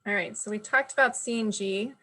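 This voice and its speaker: A woman's voice: mid-range voice, brisk, sharp tone. A woman teacher presenting spelling patterns in an online meeting, explaining and correcting herself as she goes.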